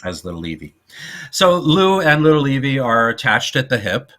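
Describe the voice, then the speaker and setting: A man's voice: medium pitch, normal speed. A man co-hosting a podcast, chatting casually about an old film and acting out the lines in different voices. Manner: animated retelling, acting out quotes in voices. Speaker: podcast co-host.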